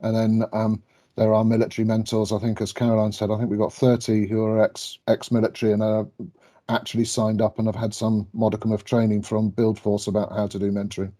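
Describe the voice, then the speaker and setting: British male panel speaker, mellow monotone, halting delivery. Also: on the low side. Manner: hesitant, many fillers and restarts. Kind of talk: online webinar answer.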